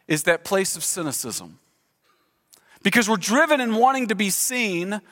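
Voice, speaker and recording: A middle-aged man preaching a sermon as pastor, shifting from hushed prayer to lively, expressive storytelling. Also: sits high. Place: large church sanctuary. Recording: long hall reverb.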